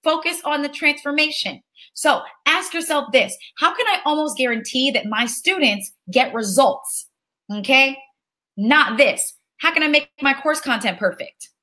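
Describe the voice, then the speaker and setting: Bright, lively woman teaching a live webinar. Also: high-pitched, a little slow. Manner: energetic, preacher-like call and response; chatty, reads audience names aloud. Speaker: online course instructor.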